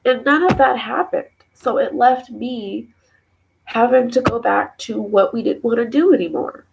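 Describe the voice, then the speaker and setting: A woman's voice: on the high side, moderate pace, gravelly, background noise. A young woman and mother, tearful and emotional, venting at length in a personal vlog, rambling with many fillers. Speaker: mother talking to camera.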